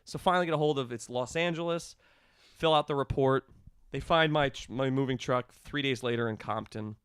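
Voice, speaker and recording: A man in his thirties telling a story in casual chat, animated and acting out the people he quotes. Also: mid-range voice, fairly quick, clean tone, dry recording, studio quality. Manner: animated, acts out quoted dialogue. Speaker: guest, clinic staff member.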